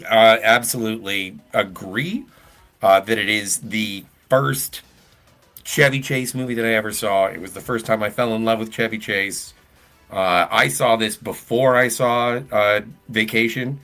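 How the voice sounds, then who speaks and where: A man's voice: mid-range voice, creaky, a bit bright. A man co-hosting a film podcast, talking casually with a jokey, sarcastic edge. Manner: sarcastic, jokey, quick bursts. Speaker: podcast co-host. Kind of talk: casual film review chat.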